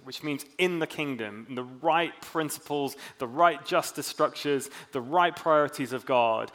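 A man's voice: a little high, fairly bright tone. A man preaching a sermon in a casual, chatty way, with self-mocking humor. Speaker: pastor.

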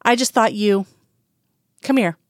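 A woman voicing a gentle, patient man who talks softly and reassuringly, in a dry, close recording. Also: mid-range voice, a little slow, no echo, close to an everyday voice.

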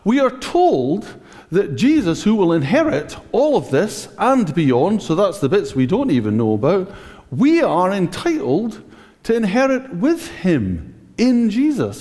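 A man preaching a conversational sermon, speaking directly to the congregation at an unhurried pace. His pitch sits a little high and moves a lot. The voice carries a long church reverb. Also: dark tone. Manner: conversational, using a prop, talking directly to the congregation. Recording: echoey church hall.

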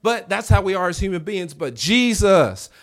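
In a church sanctuary, a man delivers an animated revival sermon, acting out the voices he quotes and calling on the congregation to respond. His voice sits high and he speaks at a normal speed.

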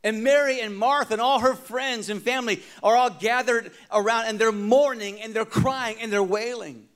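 A male pastor with a high voice delivers a sermon. He moves from loud, emphatic lines to quiet, hushed ones and calls out to the congregation for responses. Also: moderate pace. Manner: dramatic preaching, swinging from loud emphasis to hushed tones.

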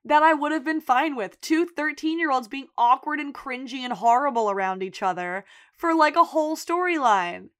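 A woman's voice: high voice, moderate pace, few pauses, a bit bright. A woman co-hosting a podcast, chatting casually and bluntly with free swearing. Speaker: podcast co-host. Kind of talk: casual chat.

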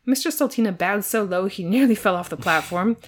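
A woman podcast host giving an expressive dramatic reading of a novel. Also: medium pitch, brisk. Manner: expressive, lively storytelling.

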